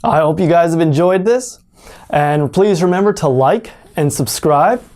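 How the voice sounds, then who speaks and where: A native English speaker teaching pronunciation in an online lesson, speaking deliberately and exaggerating sounds to demonstrate them. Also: medium pitch, expressive, a little mellow.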